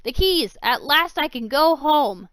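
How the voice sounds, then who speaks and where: Brief: a woman playing a snarling, name-calling villain man, loud and threatening, in a dry, close audiobook read. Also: high voice, animated, unhurried, no echo, pitched above the performer's own voice. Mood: shouting. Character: menacing bullying grown man captor.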